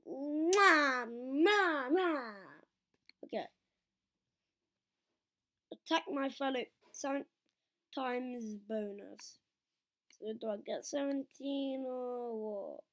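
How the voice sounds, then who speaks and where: A woman's voice: fairly high pitch, slow pace, long pauses, darkish tone. A woman giving playful, chatty commentary while playing a video game, talking to the game characters. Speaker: gameplay commentator. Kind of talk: casual let's-play commentary.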